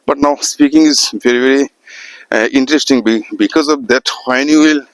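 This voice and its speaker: A man from Assam, an artist and art teacher who talks to the camera in halting English, with many pauses. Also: medium pitch, dry recording, poor audio. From Assam, India. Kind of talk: casual spoken talk to camera.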